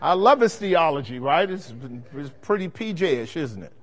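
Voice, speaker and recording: A man preaches at a Bible study in a high voice, tossing questions to the congregation and letting them answer back. His words ring out with a long reverb, as if from a big hall. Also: big pitch swings, moderate pace. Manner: call-and-response questions to the congregation. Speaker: pastor teaching a Bible study. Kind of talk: sermon-style Bible teaching.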